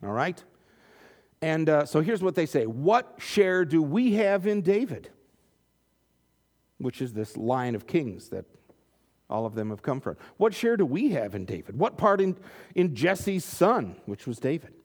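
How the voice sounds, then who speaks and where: A man's voice: on the high side, big pitch swings, a little slow, long pauses, a little mellow. A man preaching a sermon, reading scripture and acting out the quotes with joking asides. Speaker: pastor.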